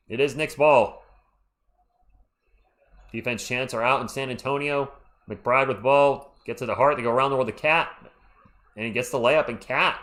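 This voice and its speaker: A man hosting a live play-by-play stream, calling the action as an open fan and greeting viewers in the chat. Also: medium pitch. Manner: excitable, fan-biased, chatty with viewers. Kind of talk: live play-by-play commentary with chat shout-outs.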